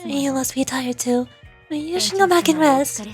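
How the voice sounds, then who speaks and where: Earnest young heroine, read by a woman, high, bright voice, game music behind. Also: unhurried. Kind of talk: reading game dialogue aloud.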